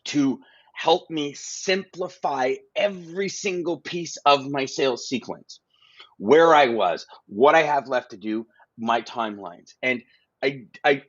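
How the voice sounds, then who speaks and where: A man talks shop as a podcast guest, spinning animated stories and restarting sentences as his thoughts race ahead. His sits in a dry, close sound, and the recording is a touch muffled. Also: mid-range voice, breathy edge, no room sound. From Canada. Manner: animated storyteller, frequent restarts. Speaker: guest, freight broker. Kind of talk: casual podcast conversation.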